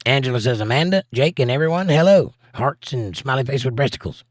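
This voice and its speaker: A man's voice: mid-range voice, expressive, brisk, no echo, clean studio sound. A man hosting a casual live stream, reading viewer comments aloud and joking back at them. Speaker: livestream host.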